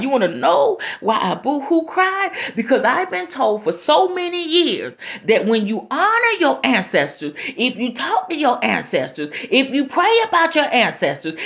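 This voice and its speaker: A woman's voice: fairly high pitch, vocal fry, a bit bright. A woman, speaking with emphatic, preacherly passion to viewers on a live stream. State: near tears at times. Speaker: spiritual teacher hosting a live stream. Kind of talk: impassioned live-stream monologue. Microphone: phone or webcam.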